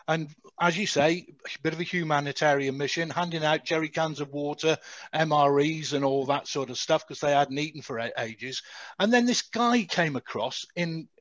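A man's voice: on the high side, dry recording. A middle-aged man, an army veteran, telling an anecdote eagerly with stumbling restarts over a video call. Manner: animated storyteller, stumbling restarts. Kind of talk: recounting war memories on a video call. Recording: dry, lo-fi video call audio.

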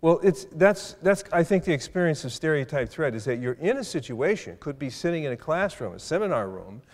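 A man's voice: a little high, big pitch swings, brisk. Older man lecturing in a hall. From South Side of Chicago. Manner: thoughtful, with frequent restarts and hesitations. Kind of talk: university lecture.

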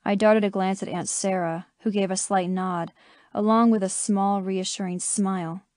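Woman narrating in a warm, dry voice. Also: medium pitch, steady tone, normal speed, no room sound. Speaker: audiobook narrator. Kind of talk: scripted first-person narration.

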